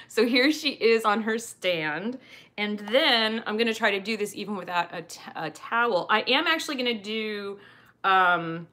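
A woman's voice: medium pitch, sharp tone. A woman hosting a doll review channel, chatting casually and goofily while she unboxes a doll and answers viewer questions.

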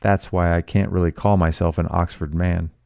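A man's voice: low-pitched, level tone, moderate pace, vocal fry, darkish tone, clean tone, dry recording, clean studio sound. A man reading the part of an earnest, polite young man in love, with an intense delivery.

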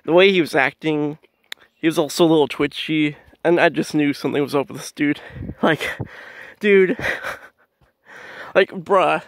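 A man's voice: fairly high pitch, unhurried, long pauses, no echo. A young man telling a rambling story in a casual vlog, swearing freely and laughing often as he walks his dog in the woods. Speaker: vlogger. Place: outdoors in woods, walking dog.

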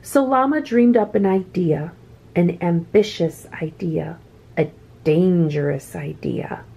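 A woman reading a children's picture book aloud with expressive, swooping delivery. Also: lowish voice, slow, gravelly, husky. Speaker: children's story reader.

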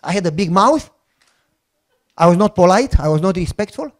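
A middle-aged man with a Romanian accent preaches, spinning a story with an animated, joking delivery. He acts out both sides of the conversations he is recounting, keeping the sermon lively. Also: high-pitched, normal speed. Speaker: pastor.

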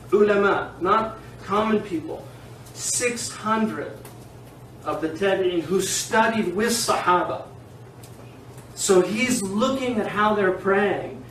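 A man with a high-pitched voice teaches a class in an informal, animated way, wandering off on tangents and laughing as he goes. He is recorded from a distance in a reverberant room, with a faint hiss behind him. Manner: animated, digressive, laughs often. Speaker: teacher of Islamic law.

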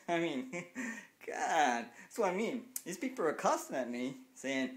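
Unhurried but furious, a cyclist vlogger in his late fifties rants to his phone with plenty of swearing and repetition. His slightly high voice swings widely in pitch.

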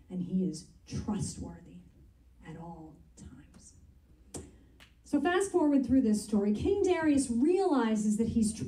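A woman's voice: fairly high pitch, mellow. A woman pastor preaching in a church, earnest and conversational as she reads and explains scripture. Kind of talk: sermon. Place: church sanctuary. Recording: roomy sound from a distance.

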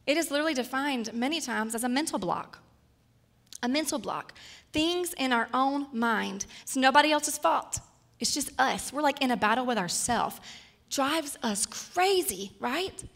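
A woman's voice: on the high side, vocal fry, fairly bright tone. A woman in her thirties preaching a personal, story-filled sermon. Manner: personal, storytelling, gets emotional and tearful at times. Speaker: guest speaker.

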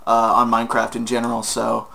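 A man's voice: mid-range voice, monotone, a little fast, vocal fry, pushed and bright. A young man giving casual commentary as he plays a game, talking playfully to the creatures on screen and breaking into sudden outbursts. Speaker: gaming YouTuber.

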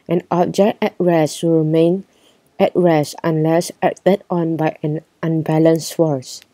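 A woman's voice: low voice, level tone, slow pace, warm tone, no echo. A woman reading aloud as a know-it-all male snowman teacher who lectures and counts down. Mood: lecturing.

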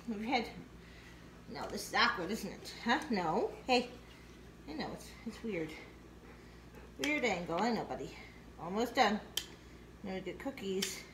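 A woman vlogging at home, coaxing, scolding and praising her dogs while she trims their nails. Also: sits high. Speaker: dog owner vlogger. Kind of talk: casual home video. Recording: noisy room with dogs and clicks.

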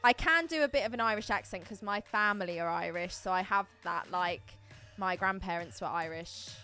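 A woman's voice: mid-range voice, normal speed, bright, forceful tone, soft background music. A woman chatting casually on a live stream, giggling as she opens card packs and answers viewers.

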